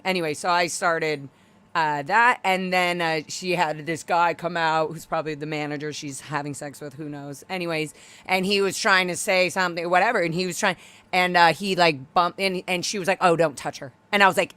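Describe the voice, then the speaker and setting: Woman, bright forceful voice, dry close sound, animated storyteller, acts out quoted dialogue, casual live-stream chat. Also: lowish voice, brisk, no room sound.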